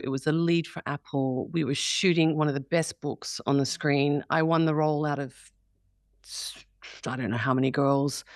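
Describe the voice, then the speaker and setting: An Australian woman in her forties, an actress telling stories in an interview, animated and expressive. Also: sits low, dry recording, studio quality. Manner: animated, expressive, acts out quoted voices. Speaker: actress guest. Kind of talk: candid interview storytelling.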